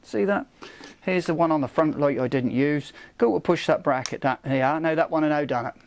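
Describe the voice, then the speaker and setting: A fairly high-voiced man in middle age, grumbling through a casual product rant. He swears freely, leans on "you know" constantly, and his voice climbs when his temper rises. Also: fairly quick, a little hiss or hum. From United Kingdom. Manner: exasperated, swears, repeats "you know", rising pitch when angry. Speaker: vlogger reviewing a product. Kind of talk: casual ranting monologue.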